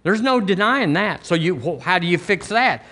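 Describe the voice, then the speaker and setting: A man's voice: high voice, lively intonation, moderate pace, sharp tone. A man with a Southern US accent preaching a sermon as pastor, emphatic, with folksy asides and little acted-out quotes.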